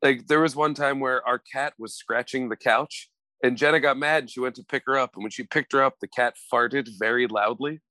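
A man's voice: medium pitch, brisk, no room sound. A young adult man co-hosting a podcast, telling funny stories in casual chat and laughing often. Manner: animated storyteller who laughs a lot and acts out quoted voices. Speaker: podcast co-host.

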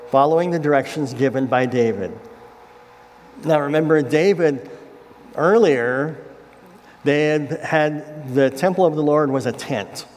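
Here a man with a slightly high voice preaches informally, recounting a Bible story in ordinary terms while checking on his listeners. It's a sanctuary setting, captured in an echoey hall with faint ambience and mild background noise.

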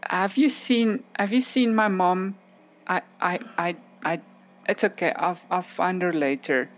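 A woman's voice: lowish voice, a little slow, natural voice. A woman voicing a shapeshifted druid pretending to be a lost little kitten, stammering and falsely innocent. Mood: fake-timid.

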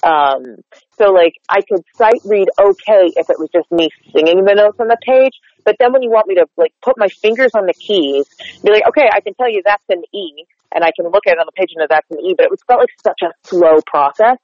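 A woman's voice: medium pitch, a little fast, darkish tone, dry recording. Chatty dialect coach woman, lo-fi. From North Texas. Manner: chatty, lots of "like" fillers. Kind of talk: casual podcast interview. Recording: dull lo-fi sound, dry.

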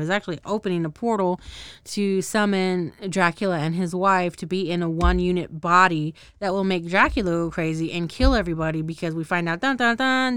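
A lowish, clean-toned woman casually recaps a show as a podcast host, with no echo on the audio. She rambles, swears, laughs often, and keeps losing track of names and details.

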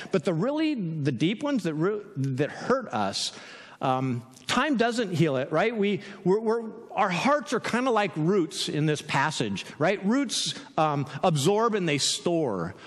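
A man's voice: high voice, in a large hall. A man preaching a sermon in a casual, conversational way, often checking in with "right?" and laughing now and then. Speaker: pastor.

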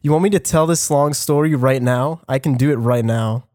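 A young man, a podcast co-host and audio engineer, telling a long story in casual chat, animated and profane with lots of fillers and restarts. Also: mid-range voice, moderate pace, dry recording, studio quality.

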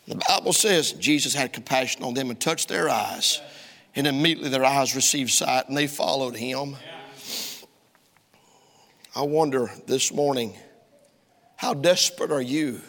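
A male pastor preaching a sermon in a church, folksy and emphatic, climbing to loud heated preaching. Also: medium pitch, a little slow, gravelly, pauses often. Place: church sanctuary. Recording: long reverb of a church hall.

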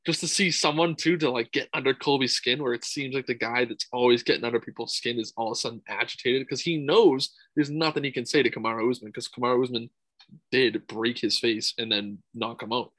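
A young man co-hosting a casual fight podcast, profane and excitable, saying "dude" a lot. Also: mid-range voice, a little fast, dry recording, poor audio. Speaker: podcast host. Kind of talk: casual MMA podcast chat.

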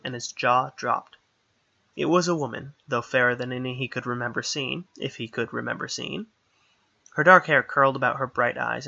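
Brief: male narrator, gravelly and bright, steady scripted fantasy reading, dull lo-fi recording. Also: mid-range voice. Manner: steady storytelling delivery.

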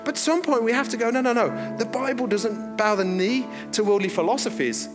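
A man's voice: extremely high pitch, fairly quick. A man preaching a sermon in a chatty, joking storytelling manner. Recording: reverberant hall with faint music.

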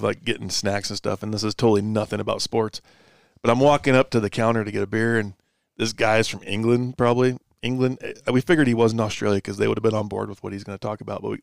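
A man's voice: fairly low pitch, fairly even intonation, quick pace, creaky, no echo, studio quality. A man co-hosting a casual sports chat, telling stories with a laid-back manner and frequent laughs. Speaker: co-host.

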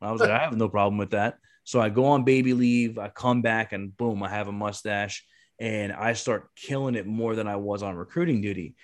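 A podcast guest, a man in his thirties with a lowish, steady voice, tells a rambling, profane story in casual chat. He talks fast, swears a lot, and keeps restarting.

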